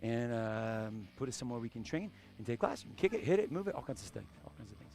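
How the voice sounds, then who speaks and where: Gravelly man barking karate commands. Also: medium pitch, sing-song, fast talker. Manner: barks short commands and counts, shouting kiais. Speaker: karate instructor. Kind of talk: live martial arts class instruction. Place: karate studio.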